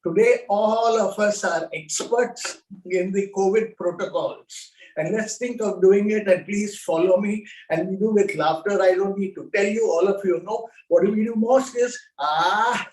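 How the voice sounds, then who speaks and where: Slow, playful laughter yoga leader, roomy. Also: mid-range voice, a little mellow. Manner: playful, breaks into hearty laughter and call-and-response chants. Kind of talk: guided group exercise instruction. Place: online session, home room. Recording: roomy sound from far off the mic.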